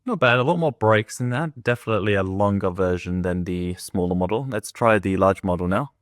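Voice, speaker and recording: A man with a fairly low voice hosts a tech video, offering relaxed, tentative verdicts padded with fillers in casual commentary, and he describes his own reading voice as monotone. He speaks briskly, and the recording is close and dry with no room sound.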